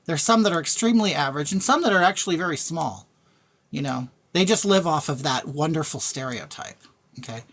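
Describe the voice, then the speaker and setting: In a low-pitched, animated voice and at a slightly fast clip, a woman reads her live-stream chat. She is blunt, thanks people by name, and keeps repeating herself in a casual rant.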